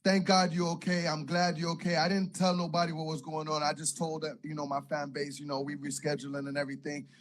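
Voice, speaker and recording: A man's voice: a little high, little pitch movement, fast talker, few pauses. A man hosting a casual interview, with loose, profane, laughing banter. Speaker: radio host.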